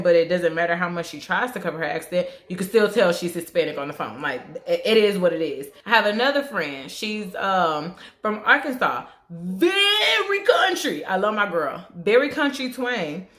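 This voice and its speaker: A woman's voice: fairly bright tone, roomy sound. A young woman with a Southern country twang, talking candidly and casually in a get-ready-with-me vlog. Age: young adult. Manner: candid, conversational, shifts into higher voice for quoted business tone. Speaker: vlogger.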